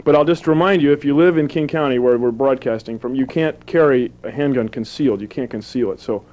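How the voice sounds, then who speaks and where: Captured in a dull, lo-fi old TV recording, this stand-up comic is a man with a brisk, mid-range voice of darkish tone. His televised set is goofy and self-deprecating, full of sudden jumps into silly put-on voices.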